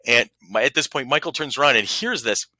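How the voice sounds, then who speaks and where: A man with a very bright, forceful voice chats casually and tells an anecdote, acting out what people said. The sound is close and dry, with no room around it. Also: medium pitch, brisk, no room sound. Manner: animated storyteller, acts out quotes loudly. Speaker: podcast co-host. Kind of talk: casual storytelling chat.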